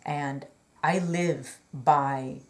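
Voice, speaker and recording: A woman's voice: deep voice, fairly even intonation, extremely slow, a little mellow. A woman telling a personal story in a chatty, rambling way, earnest and full of fillers and apologetic asides. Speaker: vlogger.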